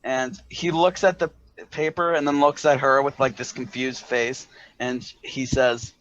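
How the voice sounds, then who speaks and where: A man running a tabletop game as game master, narrating with halting fillers. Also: mid-range voice, fairly even intonation, a bit bright, no room sound, lo-fi sound. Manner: halting, many fillers and restarts.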